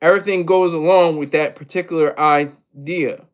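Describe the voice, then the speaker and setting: Brief: male livestream host, high pitch, loose rambling commentary with lots of fillers. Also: steady tone, normal speed. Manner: rambling, repeats himself, many fillers; asks viewers for tips.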